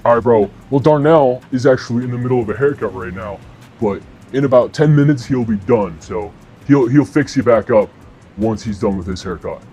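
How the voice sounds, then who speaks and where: A man voicing a laid-back, smooth-talking male barbershop manager in an easygoing, placating way. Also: medium pitch, brisk, dark tone, soft background music, natural voice.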